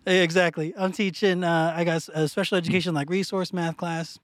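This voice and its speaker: Man from West Phoenix, teacher on a podcast: lively storyteller, laughs a lot, pitched a bit high, dry close sound. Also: fairly quick, no echo. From West Phoenix, Arizona. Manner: animated, laughing storyteller, slangy, many "like"s. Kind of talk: casual storytelling chat.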